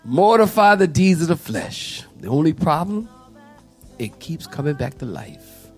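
Male pastor, slightly high voice, lively sermon delivery with acted-out asides. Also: normal speed, soft background music. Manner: animated storytelling preacher, acts out quotes. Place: church sanctuary.

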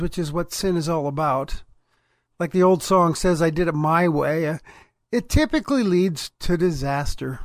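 A man's voice: sits high, no echo, studio quality. A man, a pastor, giving a plain-spoken, confessional devotional talk.

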